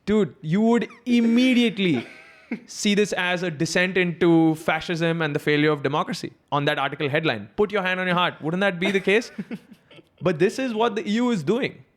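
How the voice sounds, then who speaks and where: A man with a South Mumbai English accent speaks in a fairly high, animated voice. He co-hosts a podcast in loose, conversational chat and breaks into laughter easily. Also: moderate pace. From India. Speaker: podcast co-host. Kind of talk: casual podcast discussion.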